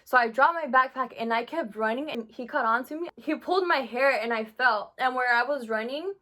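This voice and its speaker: A woman's voice: high-pitched, a little fast, bright, forceful tone. A young woman vlogger telling a painful personal story from her school days, emotional, with many fillers.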